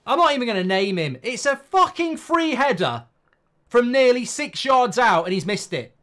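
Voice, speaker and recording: A man hosts a live football reaction in a ranting, swearing, exasperated tirade. His voice runs high and strained. He curses freely and sounds fed up with his own side. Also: big pitch swings, normal speed, pushed and bright.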